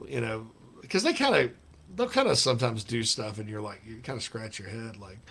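A man's voice: on the low side, expressive, brisk, a bit bright, slightly rough. A man hosting sports radio, rambling and joking in casual banter with bursts of laughter.

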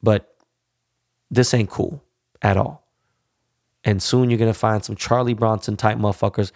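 A man speaks in a low, gravelly voice, heavy with vocal fry. The sound is dry and close, with no room around it. He rants bluntly to his listeners, swears freely and keeps checking in with "you know?" and "all right?". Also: steady tone, normal speed, darkish tone, no room sound. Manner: frequent tag questions like "all right?". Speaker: podcast host. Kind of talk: profane monologue.

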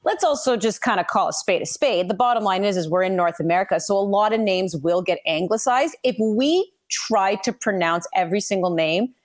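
A woman's voice: mid-range voice, brisk, hardly any pauses. A woman from Canada, a sportscaster, chatting casually as a podcast guest and acting out quotes as she tells stories. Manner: chatty, animated storyteller, acts out quotes.

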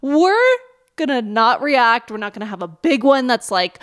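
A woman's voice: fairly high pitch, big pitch swings, moderate pace, no room sound, studio quality. Chatty woman co-host giving frank advice. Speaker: podcast co-host. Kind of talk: casual chat.

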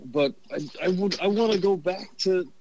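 Male co-host, measured and hesitant, talks in restarts; pitched a bit high. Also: mellow, slight background noise, low-quality recording. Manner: halting, restarts often, measured. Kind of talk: casual conversation.

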